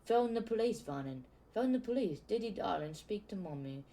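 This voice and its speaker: Dude doing a high shrill panicky mom voice, kinda dark tone, fussing over her kid. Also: normal speed, close to an everyday voice. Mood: frantic. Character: shrill anxious fussing mother, middle-aged woman.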